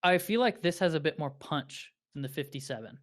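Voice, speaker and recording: A man with a slightly raised speaking pitch chats casually on a podcast about studio microphones. He thinks out loud, often stopping and restarting his sentences before landing on a point. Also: expressive, fairly quick. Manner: thinks aloud with many restarts. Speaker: podcast co-host.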